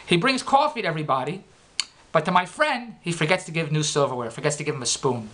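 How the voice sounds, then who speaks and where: A man's voice: a little high, expressive, quick pace, a bit bright. A man in his fifties telling a rambling comic story, repeating himself and making wry self-mocking asides.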